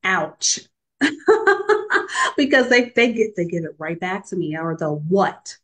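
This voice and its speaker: A woman's voice: on the low side, a little slow, poor audio. A middle-aged woman on a faith-based panel, sharing candid, reflective thoughts in a conversational discussion.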